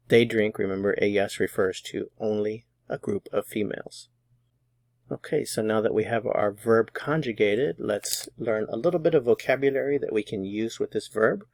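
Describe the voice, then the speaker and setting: Male language teacher, low-pitched, unhurried, methodical delivery, dry close recording. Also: darkish tone, no room sound. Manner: patient, methodical, slows down on example phrases. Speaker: Spanish teacher. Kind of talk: explaining grammar lesson.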